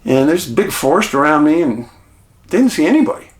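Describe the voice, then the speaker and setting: A middle-aged man, host of his channel, casually telling a story to the camera in a chatty, animated way, quoting the people he met. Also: fairly high pitch, a little fast. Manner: chatty, animated retelling with quoted dialogue. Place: rural home outdoors.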